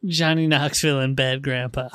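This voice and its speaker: A man co-hosting a podcast, cutting in with jokes and quick reactions in casual chat. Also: mid-range voice, fairly even intonation, fairly bright tone, smooth, dry recording, clean studio sound. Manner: wisecracking, quick jokey interjections. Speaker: podcast co-host.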